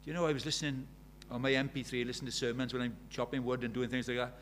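A man's voice: medium pitch, level tone, very fast, soft background music. A man preaching a sermon, telling stories in a conversational way and building to urgent emphasis.

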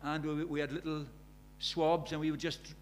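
A man's voice: fairly high pitch, little pitch movement, moderate pace, slight background noise. A man preaching a sermon, telling stories in a conversational way and building to urgent emphasis.

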